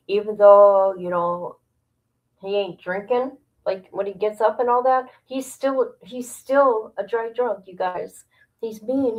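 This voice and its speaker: A woman's voice: mid-range voice, dull audio. A woman streamer chatting casually to her viewers, blunt and profane, often laughing as she vents. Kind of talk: casual livestream chat.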